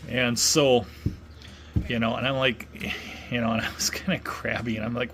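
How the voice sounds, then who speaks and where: A man's voice: mid-range voice, little pitch movement, normal speed, vocal fry, noisy background. A middle-aged man from Wisconsin telling a casual story in a rambling way, full of fillers and restarts. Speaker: vlogger.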